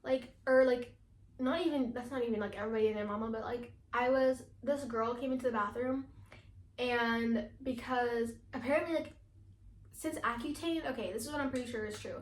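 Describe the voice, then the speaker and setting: A teenage girl vlogging in a casual, chatty way, talking fast with lots of fillers and laughing often. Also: on the high side, roomy sound. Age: teens. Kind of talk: casual chat.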